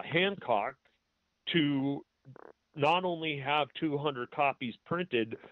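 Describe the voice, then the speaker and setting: A man hosting a talk show who speaks hesitantly with many pauses and filler words, and reads documents aloud, spelling out capitals and punctuation. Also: mid-range voice, no room sound. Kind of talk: slow, halting talk-radio monologue. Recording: tinny, dry phone-line audio.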